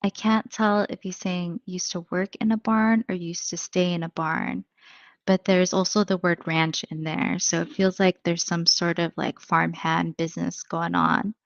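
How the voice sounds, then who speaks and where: A woman's voice: lowish voice, fairly even intonation, measured pace, no echo, lo-fi sound. A woman psychic medium giving a live reading in a chatty, thinking-aloud way, full of fillers.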